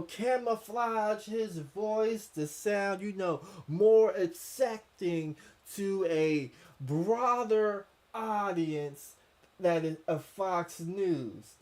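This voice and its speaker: A man's voice: high-pitched, darkish tone. A man hosting a casual commentary stream, reading chat comments aloud with stammering repeats, chuckles and incredulous questions.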